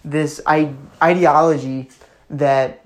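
A man's voice: on the high side, steady tone, takes it slowly. A young man around twenty hosting his own sports podcast, rambling and ranting with many fillers and restarts. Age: about 20. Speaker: podcast host. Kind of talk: solo sports podcast commentary.

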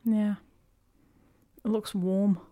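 A woman co-hosting a podcast, chatting casually and giggling through quick asides while watching a film. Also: mid-range voice, flat delivery, warm tone. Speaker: podcast co-host. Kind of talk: casual watch-along chat.

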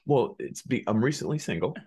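A man's voice: medium pitch, lively intonation, a little fast, mellow, slightly rough. A man co-hosting a podcast, chatting casually with self-deprecating jokes. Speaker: podcast co-host. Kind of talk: casual chat.

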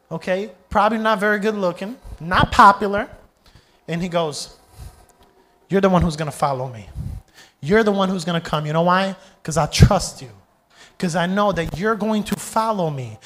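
Young man, pastor, high voice, animated sermon, questions to the crowd. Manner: animated storytelling preacher, asks the crowd questions.

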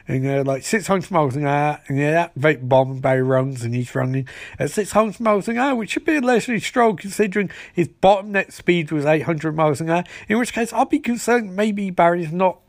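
A man's voice: on the high side, a little fast, no echo, studio quality. A man casually recapping a TV episode in a rambling, sarcastic way, acting out the characters' lines as he goes.

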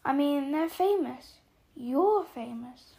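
Hagrid, a booming giant, as a woman reads him. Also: animated, warm tone, exaggerated voice. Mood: astonished. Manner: booming, growling, drawn-out emphasis. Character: huge hot-tempered male giant, gruff but kind.

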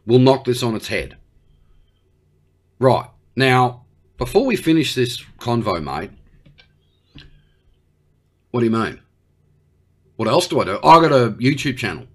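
An Australian man doing a brash, slangy one-sided comedy conversation with an unheard partner. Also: mid-range voice. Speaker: comedy podcast host.

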